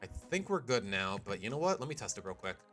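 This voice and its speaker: A young man live-streaming a video game, chatting casually with viewers in an animated, jokey way and sometimes slipping into silly accents. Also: fairly low pitch, fast, soft background music.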